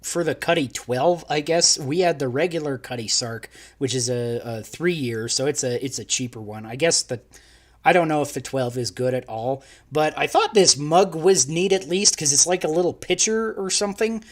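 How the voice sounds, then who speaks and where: A man's voice: a little high, moderate pace. A young man co-hosting a casual podcast live stream, rambling and laughing as he talks, with frequent restarts. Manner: rambling, laughing, self-interrupting. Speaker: podcast co-host.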